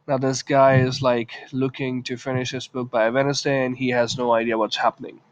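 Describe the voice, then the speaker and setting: A man's voice: medium pitch, little pitch movement, a little fast, clear, resonant tone. Chatty male English teacher, dull recording. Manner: chatty, acts out short example lines. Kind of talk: casual video lesson.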